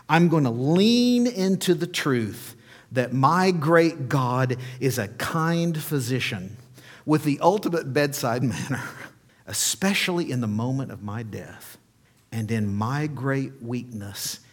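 A man preaching a sermon and leading a closing prayer in an earnest, emphatic way, sometimes dropping to a hushed whisper. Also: mid-range voice, lively intonation, takes it slowly, soft background music. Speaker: pastor.

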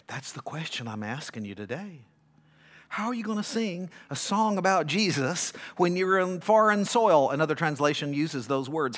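A male pastor preaching a sermon, reading scripture dramatically and swinging between loud declarations and hushed asides while questioning his congregation. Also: fairly high pitch, expressive, normal speed.

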